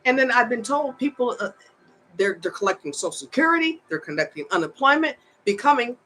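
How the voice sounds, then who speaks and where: A woman's voice: mid-range voice, sharp tone, a little hiss or hum, poor audio. An older woman giving a heated, opinionated monologue, repeating herself for emphasis and laughing between points. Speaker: vlogger and advocate.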